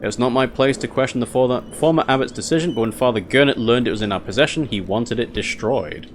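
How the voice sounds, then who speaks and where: A man reading aloud the lines of a guarded woman librarian of a convent, in a measured, matter-of-fact way. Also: medium pitch, a little hiss or hum, natural voice.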